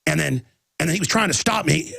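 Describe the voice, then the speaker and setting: A man's voice: a little high, lively intonation, fast talker, creaky, a bit bright, slightly rough, no room sound, clean studio sound. A man hosting a talk radio show, rambling and agitated with many restarts, talking through a chest cold with coughing.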